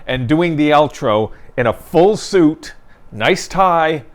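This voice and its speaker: A man's voice: on the high side, lively intonation, slow. A man co-hosting a local newspaper talk show, telling stories in a chatty way and laughing often. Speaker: newspaper co-host. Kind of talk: casual chat.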